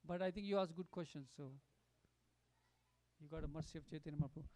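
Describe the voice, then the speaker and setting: A man giving a devotional storytelling talk at a satsang, animated and full of fillers and restarts. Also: on the high side, fast, no room sound. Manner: animated, acts out quotes, many fillers and restarts. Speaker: satsang speaker.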